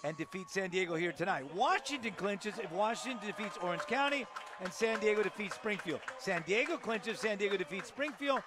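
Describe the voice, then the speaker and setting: A man's voice: high voice, expressive, brisk. A man doing play-by-play for a tennis broadcast, talking energetically and emphatically and sometimes restarting his sentences. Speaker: play-by-play commentator.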